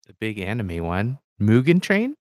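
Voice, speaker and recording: A man's voice: on the low side, huge pitch swings, a little slow, a little mellow, no room sound, studio quality. A man co-hosting a casual podcast in a laid-back, easygoing way. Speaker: podcast co-host.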